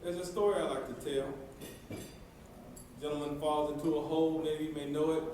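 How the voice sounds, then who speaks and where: A man's voice: on the high side, fairly even intonation, a little fast, noisy background. Folksy man giving a banquet speech. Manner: folksy, emphatic. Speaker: banquet speaker. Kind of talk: storytelling speech. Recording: echoey banquet hall from far off.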